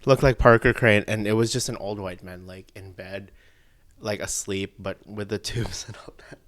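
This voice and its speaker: A man telling a personal story in casual chat, animated and breaking into laughs. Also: sits low, moderate pace. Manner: animated, laughs between lines, rising into excited outbursts. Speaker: podcast guest telling a story.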